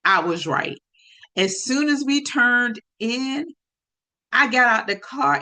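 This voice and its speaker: Lively woman telling a story. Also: on the high side, takes it slowly. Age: adult. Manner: lively, speaks straight to listeners. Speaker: podcast storyteller. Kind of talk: storytelling podcast.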